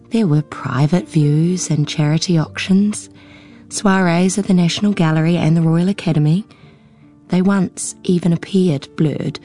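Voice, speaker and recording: A woman reading a novel aloud in a measured storytelling voice. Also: on the low side, mellow. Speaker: audiobook narrator. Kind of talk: scripted narration.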